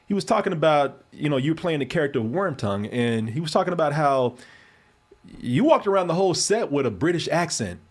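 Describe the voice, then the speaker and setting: A man with a slightly high voice hosts a casual interview. He is chatty and laughs easily. He strings his questions together in long, rambling runs. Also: lively intonation, brisk. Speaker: interview host.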